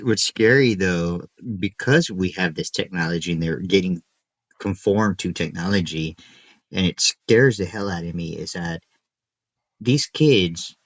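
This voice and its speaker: A man in his thirties co-hosting a podcast, telling animated, profane stories in casual chat. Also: low-pitched, no echo. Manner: animated storyteller, profane, acts out kids' voices. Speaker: podcast co-host. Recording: dull, slightly lo-fi podcast audio.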